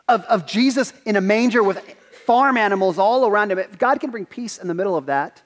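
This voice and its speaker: A man, a pastor giving a sermon in a church, telling stories in an animated way and often repeating his words. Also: high voice, a little fast, big-room sound.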